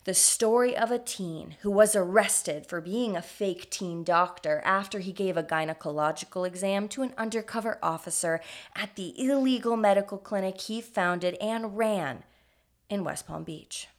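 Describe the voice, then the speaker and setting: A woman podcast co-host telling a true-crime tale in scripted comic narration, measured and deliberate. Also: mid-range voice.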